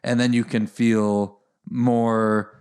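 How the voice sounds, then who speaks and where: A man's voice: medium pitch, little pitch movement, takes it slowly, a little mellow, clean tone. Thoughtful male host, casual storytelling tone, mid-range voice. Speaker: podcast host. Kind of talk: casual conversation.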